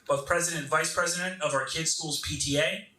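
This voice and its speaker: A man in his thirties doing a stand-up comedy set, animated and leaping into high voices to quote others, with audience laughter behind him. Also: brisk, far from the mic. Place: comedy club stage. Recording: roomy stage sound from off-mic.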